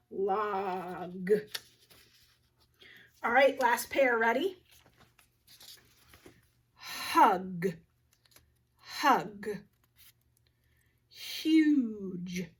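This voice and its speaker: This first grade teacher, a woman with a fairly high pitch, stands far from the mic as she guides young kids through phonics. She slowly sounds out each word, letting out little gasps of discovery.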